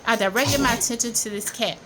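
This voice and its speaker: A woman's voice: on the high side, fast, music in the background, poor audio. A woman vlogging in casual storytelling mode, emphatic and repetitive, insisting again and again that she is telling the truth.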